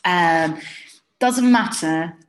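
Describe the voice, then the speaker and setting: A woman's voice: lowish voice, extremely slow. A British woman presenting a live webinar as an English exam teacher, talking conversationally and answering chat questions as they come in.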